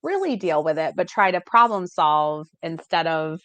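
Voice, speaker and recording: American woman, chatty life coach, lowish voice, dry close sound. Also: moderate pace, no echo, lo-fi sound. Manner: chatty, animated, acts out quoted dialogue. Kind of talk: casual chat.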